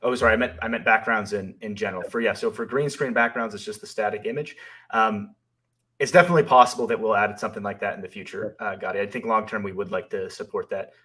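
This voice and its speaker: A man's voice: on the low side, fairly even intonation, fast talker, bright, forceful tone. A man co-hosting a live stream, reading viewer questions aloud and answering them in a thoughtful, hesitant way with many fillers. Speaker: co-host and company founder.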